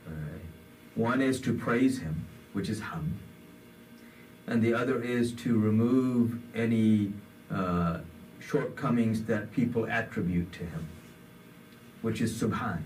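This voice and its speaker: A man's voice: lowish voice, slow, pauses often, darkish tone, far from the mic, a little hiss or hum. A man giving a conversational sermon, with many fillers, in a community center hall. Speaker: imam.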